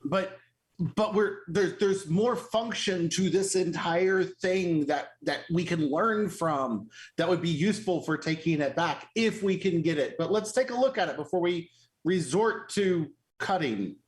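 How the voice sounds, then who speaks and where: Halting, higher-voiced male player. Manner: halting, restarts often. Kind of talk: describing his character's actions.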